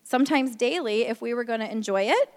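A woman's voice: on the high side, animated, fairly quick, darkish tone. A woman giving a candid, self-deprecating personal testimony about her marriage at a church gathering, with many fillers. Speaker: speaker sharing a marriage testimony. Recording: long reverb in a large hall.

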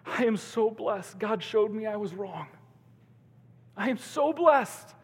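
Man playing a tearful grateful pastor, raised high voice, emphatic, stammering, long hall echo. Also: lively intonation, slow, breathy edge, full character voice. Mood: overjoyed. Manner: emphatic, repeating himself with stammers. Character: tearful overjoyed male pastor, humbled and grateful.

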